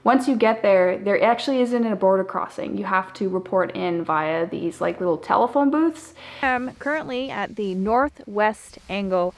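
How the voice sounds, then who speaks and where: A woman's voice: medium pitch, normal speed. A young woman telling her travel story in an easygoing vlog voice. She talks in a chatty, upbeat way and fills her sentences with "like". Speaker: travel vlogger. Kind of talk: casual vlog narration.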